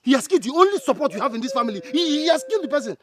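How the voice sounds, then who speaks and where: A Nigerian man playing a furious younger brother who shouts, repeats himself and stammers in a family feud. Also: extremely high pitch, sing-song, racing. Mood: distraught. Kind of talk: Nollywood film acting.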